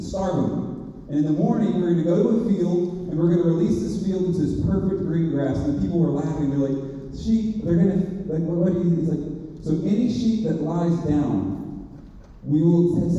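High-voiced preacher in an echoey hall. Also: male voice, dark tone. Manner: conversational, acts out characters in quotes. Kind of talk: sermon with storytelling. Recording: roomy hall, distant mic, dull sound.

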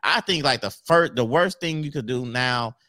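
A man's voice: mid-range voice, normal speed, sharp tone, no echo, clean studio sound. A married man co-hosting a casual podcast chat, telling laid-back stories with slang. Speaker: podcast co-host.

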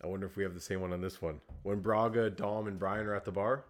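Laid back guy, deepish voice, movie podcast chat, says yeah a lot. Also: fairly even intonation, quick pace. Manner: easygoing, lots of agreeing yeahs. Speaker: podcast co-host. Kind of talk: casual movie review chat.

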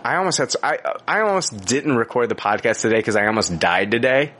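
A medium-pitched man talks a little fast while co-hosting a podcast. Swearing heavily and leaning on filler words, he tells stories in an animated, casual way.

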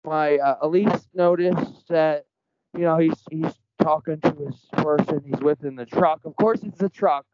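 A man's voice: fairly high pitch, clean tone, no echo. A man telling a story in casual conversation as a podcast guest, earnest and rambling, framing it in spiritual terms. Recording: dull lo-fi dry sound.

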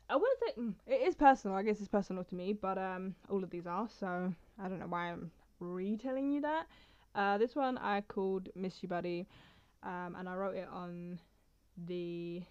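A woman's voice: medium pitch, darkish tone, no room sound, dull audio. A woman vlogging casually in a chatty, rambling way, with apologetic asides, and reading her own poems aloud. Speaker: poetry vlogger.

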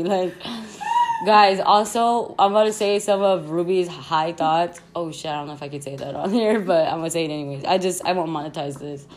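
A woman's voice: fairly low pitch, steady tone, a little fast, slight background noise. A young woman hosting a podcast, telling a rambling storytime at home in a casual, slangy way with frequent laughs. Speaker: podcast host. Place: her home.

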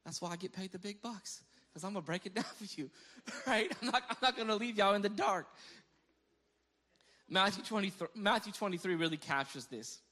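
A male pastor preaching a sermon, his voice pitched high and ringing bright. He moves between calm teaching and loud, emphatic preaching. He reads scripture aloud and tosses playful asides to the congregation. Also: fairly quick.

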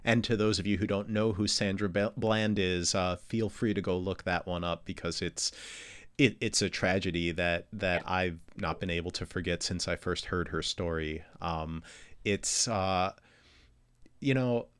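A man co-hosting a casual chat, speaking earnestly and thoughtfully about social issues, pausing to rephrase. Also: low voice, steady tone, a bit bright, smooth. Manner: earnest, thoughtful, some restarts. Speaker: podcast co-host. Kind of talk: casual chat, reflective commentary.

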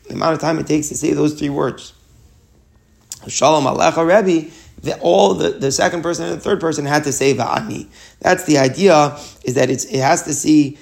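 A man's voice: on the high side, gravelly. A man teaching a Talmud lesson, reading short Hebrew and Aramaic phrases and explaining each in English, often restarting his sentences. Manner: restarts and repeats words while explaining.

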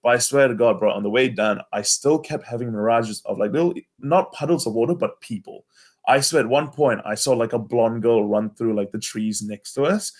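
A young man telling friends a wild hiking story in casual chat, animated, swearing often and saying "bro" and "like". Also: medium pitch, brisk.

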